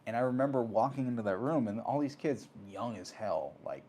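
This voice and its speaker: A man hosting his own talk show, telling a personal story in a casual, animated way and acting out the voices of people he met. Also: medium pitch, a little fast, slight background noise. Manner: animated, acts out quoted voices. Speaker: host.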